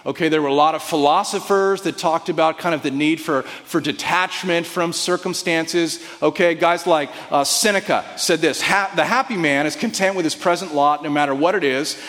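Impassioned preacher with a ringing church echo. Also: male voice, a little high, moderate pace, hardly any pauses. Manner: animated preaching, swings from loud emphatic peaks to hushed, soft passages; frequent "okay?" and "right?" check-ins, repeated restarts. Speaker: guest pastor. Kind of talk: sermon. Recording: long hall reverb.

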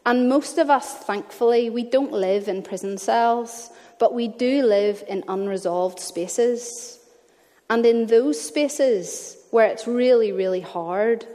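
A woman's voice: on the high side, a little mellow. A woman preaching a sermon in an earnest, conversational way, mixing Bible reading with personal stories. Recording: long reverb of a church hall.

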